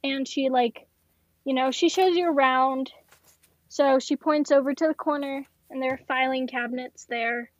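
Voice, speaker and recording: A woman runs a tabletop game, narrating casually with many fillers. Her voice sits high, and the recording is dull and dry. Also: fairly even intonation, moderate pace, dry recording. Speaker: game master.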